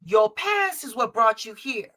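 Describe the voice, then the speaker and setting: A woman's voice: fairly high pitch, big pitch swings, measured pace, a bit bright. A middle-aged woman from Chicago hosting a live-stream tarot reading, emphatic and repetitive, calling her listeners baby and honey and cursing freely. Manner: emphatic, repeats lines, calls listeners baby and honey, salty language. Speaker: tarot reader and show host. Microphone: streaming call setup.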